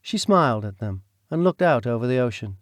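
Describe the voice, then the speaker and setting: A man narrating an audiobook in a steady, even storytelling manner. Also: medium pitch, fairly quick, no room sound. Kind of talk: scripted narration.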